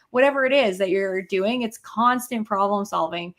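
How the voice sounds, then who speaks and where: A woman's voice: mid-range voice, normal speed, few pauses. A woman co-hosting a podcast over a video call, talking casually and animatedly with frequent fillers. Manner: animated, venting, uses filler "like" often. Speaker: podcast co-host. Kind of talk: casual chat.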